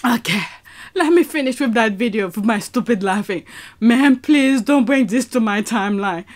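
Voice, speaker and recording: A woman's voice: on the high side, animated, moderate pace. A woman reacting to a video clip in casual commentary, breaking into laughter again and again. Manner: keeps breaking into helpless laughter.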